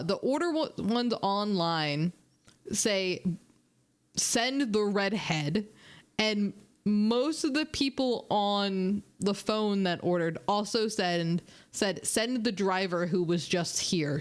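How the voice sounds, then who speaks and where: A young woman streamer casually telling animated, chatty stories to her viewers, laughing and swearing along the way. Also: medium pitch, slow. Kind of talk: casual storytelling.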